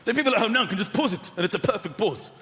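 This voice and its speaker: A man's voice: high-pitched, animated, very fast, big-room sound, a little hiss or hum. A man doing wry, sarcastic stand-up comedy in a theatre. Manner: wry, sarcastic, puts on posh mocking voices. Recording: live theatre with loud crowd.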